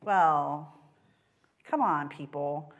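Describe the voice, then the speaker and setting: A woman's voice: sits low, very slow, dull audio. A woman giving an earnest personal testimony in a church service, telling stories with many ums and self-corrections. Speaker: church mission supporter.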